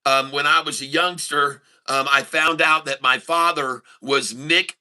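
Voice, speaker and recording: A man's voice: a little high, steady tone, unhurried, bright, forceful tone, clear, resonant tone. A man telling of a frog wanting a loan. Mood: matter-of-fact. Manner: told in a joke with matter-of-fact delivery. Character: polite male frog asking for a bank loan.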